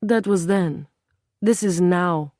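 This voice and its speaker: A woman doing a gruff, menacing Russian spy chief. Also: on the low side, takes it slowly, mellow, dry recording, studio quality. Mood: dismissive. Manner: snarling, blunt, intimidating. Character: gruff menacing male Russian intelligence officer.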